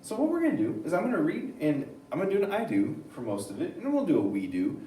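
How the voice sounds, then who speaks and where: A male teacher giving a reading lesson, reading passages aloud and thinking out loud about them. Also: a little high, fast, slight background noise. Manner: animated, switching between reading aloud and thinking aloud. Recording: roomy sound, mic at a distance, faint ambience.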